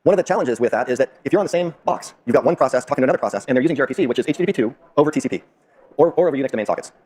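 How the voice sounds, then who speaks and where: A man co-presents a technical talk, explaining hard engineering problems step by step. He talks very quickly at a middle pitch. His tone is earnest and thorough. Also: lively intonation, darkish tone. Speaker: conference presenter.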